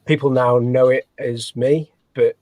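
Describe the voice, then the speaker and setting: A man's voice: mid-range voice, steady tone, unhurried, narrow, tinny audio. A man, a snake breeder guest, talking in a rambling, self-deprecating way with many fillers and restarts. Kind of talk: casual interview chat.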